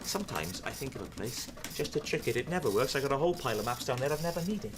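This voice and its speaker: A man's voice: mid-range voice, lively intonation, fast, noisy background, natural voice. A middle-aged man with a Welsh accent, playing a chatty sitcom character who patiently explains things in a folksy way. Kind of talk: scripted TV comedy acting.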